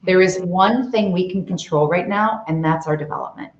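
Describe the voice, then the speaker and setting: A woman's voice: fairly low pitch, moderate pace, slight background noise. A middle-aged woman, an author and CEO, giving emphatic coaching advice as an interview guest. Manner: emphatic, coaching tone with rhetorical questions. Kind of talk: interview on leadership. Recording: roomy, dull lo-fi video call audio.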